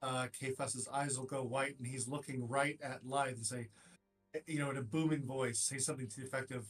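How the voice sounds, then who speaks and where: A man chatting casually as a player at a tabletop game, halting with many fillers. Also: mid-range voice, fairly even intonation, faint music behind.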